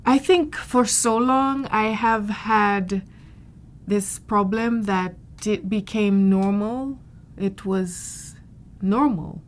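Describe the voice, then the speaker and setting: A woman's voice: medium pitch, very slow. A woman patient speaking frankly and reflectively about her experience. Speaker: patient giving a testimonial. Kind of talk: candid testimonial interview.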